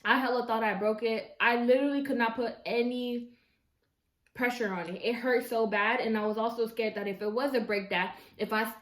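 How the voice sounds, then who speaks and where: A woman's voice: on the high side, fairly quick. Chatty woman vlogger in an echoey room. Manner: chatty and expressive, slangy asides to viewers. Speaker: mukbang vlogger. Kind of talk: casual storytelling while eating.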